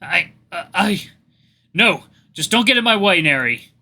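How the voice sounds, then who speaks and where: Despairing young black wolf, a man doing the voice, raised and strained, bright, emotional. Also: sits high, animated, a little slow, pitched above the performer's own voice, exaggerated voice. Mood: anguished. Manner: pleading, emotional, broken.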